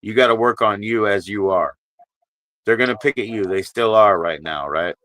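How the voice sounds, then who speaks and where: Blunt, bright-voiced low-pitched man. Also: moderate pace. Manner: blunt, profane, consoling. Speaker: livestream host. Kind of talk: casual live stream chat. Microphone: streaming mic.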